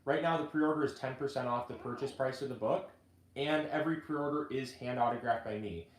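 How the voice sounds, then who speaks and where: A man hosting a casual gardening video, chatting in a halting way with many restarts. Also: medium pitch, echoey room. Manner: chatty, halting restarts, gets choked up reading. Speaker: gardening channel host and author. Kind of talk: casual live video chat.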